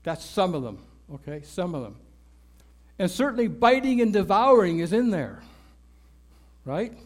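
This man's voice is high-pitched and very animated, moving a little slowly as he preaches. His sermon is conversational teaching: he leans on repeated key words for emphasis and keeps asking his listeners "right?" and "okay?" as a pastor.

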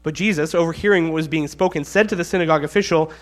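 A man's voice: a little high, rapid-fire. A man preaching a sermon in a conversational way, reading scripture and acting out the quotes with rising emphasis.

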